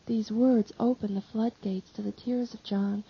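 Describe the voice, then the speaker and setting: A woman reading a devotional text aloud in measured, solemn narration. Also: mid-range voice, steady tone, creaky, breathy edge. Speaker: audiobook reader. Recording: slightly dull lo-fi audio.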